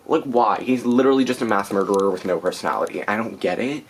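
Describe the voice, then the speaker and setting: A woman's voice: rumbling low, quick pace, slight background noise. Chatty young woman vlogging about books. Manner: chatty and exasperated, many fillers. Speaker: book vlogger. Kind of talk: casual reading vlog. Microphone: camera mic.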